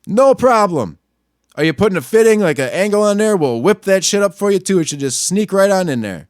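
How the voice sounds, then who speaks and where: A man with a high voice rants crudely into the mic, jumping between low grumbling and sudden yelling. The sound is dry and close, with no room echo. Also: lively intonation, a little fast. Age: adult, not much older than a young store clerk. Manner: angry, crude, swings between muttering and yelling. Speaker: podcast host. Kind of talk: profane ranting monologue.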